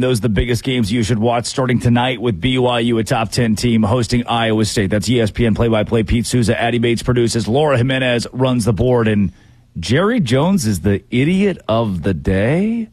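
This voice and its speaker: A man hosting a sports talk show, quick and wisecracking in a casual, playful way. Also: mid-range voice, dry recording.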